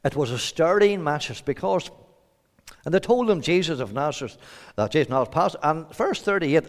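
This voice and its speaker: Northern Irish male preacher, high voice, soft-to-shouting delivery, church hall echo. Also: lively intonation, normal speed. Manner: swings between quiet low lines and loud shouted emphasis. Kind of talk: evangelistic sermon. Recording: hall reverb.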